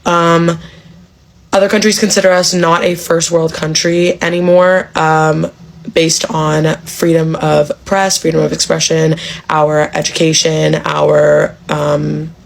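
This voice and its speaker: A woman's voice: deep voice, slow pace, gravelly, a little hiss or hum, rough recording. A woman talking casually to her followers, hesitant and stopping often to say um. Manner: flat, hesitant with many ums. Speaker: social media commenter. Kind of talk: casual vlog.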